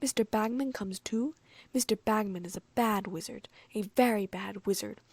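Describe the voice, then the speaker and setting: A woman's voice: medium pitch, normal speed, slightly rough, dry recording. A woman reading an audiobook, voicing a tearful, fiercely loyal female house elf who speaks in broken grammar. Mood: tearful, indignant. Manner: broken grammar, sobbing and indignant. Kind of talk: audiobook character voice.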